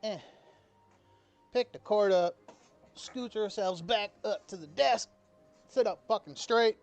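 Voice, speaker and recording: A man's voice: sits high, takes it slowly, muffled recording, faint music behind. A man streaming a game, chatting casually, who swears and scolds his cat in baby talk. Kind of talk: casual live-stream chat.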